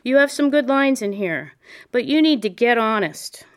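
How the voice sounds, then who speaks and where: A woman reading the part of a gruff, blunt male poetry professor who mumbles and huffs out laughs. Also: fairly high pitch, lively intonation, normal speed, pitched above the performer's own voice, natural voice. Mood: coaxing. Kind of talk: audiobook character reading.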